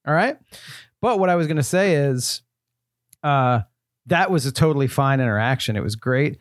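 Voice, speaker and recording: A man's voice: medium pitch, expressive, no room sound, studio quality. Teasing young man podcast co-host. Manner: playful, teasing, halting. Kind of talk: casual comedic chat.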